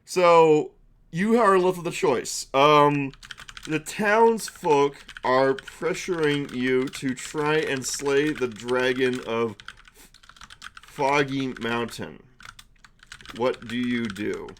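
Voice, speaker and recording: A man's voice: mid-range voice, slow pace, a bit bright, slight background noise. A young man narrating a tabletop game for a live-stream chat, chatty with frequent fillers and laughs.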